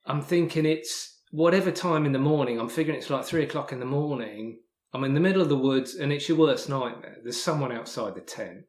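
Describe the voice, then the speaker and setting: An English man, a podcast guest, telling a story in casual talk, halting with many restarts and repeated words. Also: medium pitch, darkish tone, roomy sound. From England. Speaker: podcast guest, hiker and author.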